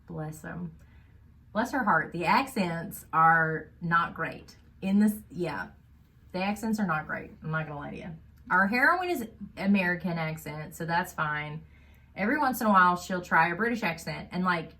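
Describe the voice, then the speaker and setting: A woman co-hosting a casual book podcast, chatty and animated, laughing often. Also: lowish voice. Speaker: podcast co-host.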